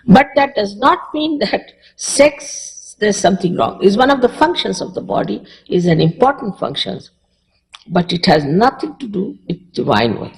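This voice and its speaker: Lively Indian-accented woman giving a spiritual talk. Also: medium pitch, moderate pace, low-quality recording. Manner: conversational, repeats short phrases for emphasis. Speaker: spiritual teacher. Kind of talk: public spiritual lecture.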